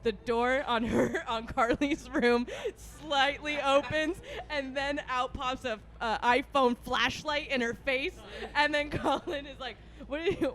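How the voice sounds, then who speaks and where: High-voiced woman telling a party story. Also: unhurried, hardly any pauses. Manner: animated storyteller, acts out quotes, laughs often. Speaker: podcast host. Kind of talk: casual storytelling chat.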